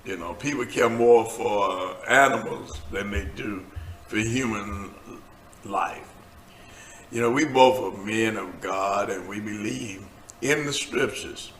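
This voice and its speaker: A man's voice: lowish voice, slow, a bit bright, echoey room, slight background noise. A man hosting a casual talk show as a preacher, bantering with laughter and turning earnest and preachy when he speaks about faith. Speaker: host, preacher. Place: studio set.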